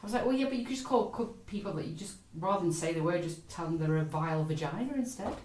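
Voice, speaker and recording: A woman's voice: on the low side, expressive, quick pace, darkish tone. A middle-aged woman co-hosting a podcast, blunt and chatty, with a lot of laughter. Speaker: podcast co-host. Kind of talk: casual chat. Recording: roomy echo, faint background noise.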